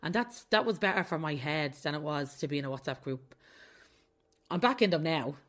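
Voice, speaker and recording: A woman's voice: sits low, expressive, fairly quick, fairly bright tone. A young adult woman hosting her own podcast, talking candidly and confessionally in a casual way and often laughing mid-sentence. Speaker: podcast host. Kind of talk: casual solo podcast talk.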